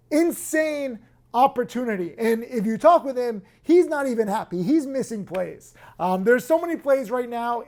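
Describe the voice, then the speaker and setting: High-pitched guy, hoarse, hyped up and pushy, talking fast about the market. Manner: excitable, fast, emphatic. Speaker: host. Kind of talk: casual promotional talk.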